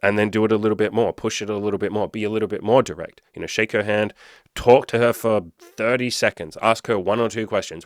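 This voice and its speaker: A man's voice: on the low side, steady tone, fast, no room sound, clean studio sound. A man hosting a question-and-answer show, giving blunt, profane dating advice and acting out example lines. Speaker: podcast host answering listener questions. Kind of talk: casual advice monologue.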